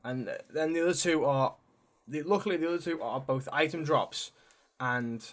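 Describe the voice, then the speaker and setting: A man's voice: on the high side, moderate pace. A young man co-hosting a podcast, chatting casually about video games in a rambling way with casual swearing. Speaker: podcast co-host.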